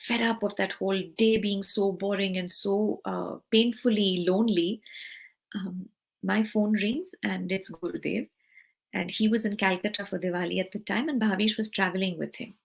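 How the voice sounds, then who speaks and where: A woman's voice: mid-range voice, steady tone, moderate pace, creaky. A young woman telling a heartfelt personal story about her teacher, acting out the dialogue. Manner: earnest, heartfelt, acts out quoted dialogue. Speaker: guest sharing devotee stories.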